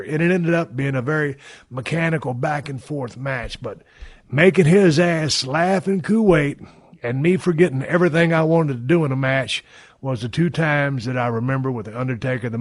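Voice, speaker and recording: Casual podcast host: a man spinning rowdy stories, slightly high-pitched, dry studio sound. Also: dry recording. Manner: folksy, profane, animated storyteller. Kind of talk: casual storytelling.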